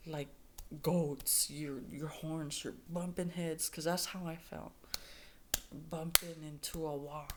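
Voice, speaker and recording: A woman's voice: low-pitched, a little hiss or hum. A woman vlogging about her life in a candid monologue, blunt and straightforward, swearing freely and rambling with many restarts.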